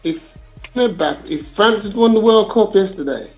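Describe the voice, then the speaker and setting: A man with a high voice makes his points emphatically and says them again and again. His talk is full of slang like "bruv" and "innit", and faint music runs underneath. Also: expressive, measured pace, a little mellow. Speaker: podcast co-host. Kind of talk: casual football chat.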